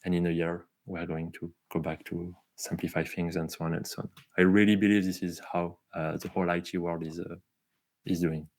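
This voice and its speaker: A man's voice: sits low, little pitch movement, a little fast. A man with a Parisian French accent, a guest in an interview, speaking English with many fillers and restarts. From France. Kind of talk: casual interview.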